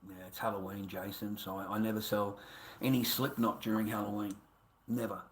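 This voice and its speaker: An Australian man rants on his livestream, taunting and repetitive and full of swearing. His low voice is flat and fairly quick, and the recording has a roomy echo.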